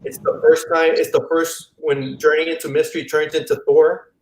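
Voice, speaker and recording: A comic YouTuber from the Miami area joins a casual live-stream chat as a guest, telling rambling stories and often repeating words. His voice is fairly high with little pitch movement at a normal speed. He's on a video call mic, with roomy echo and a faint hiss.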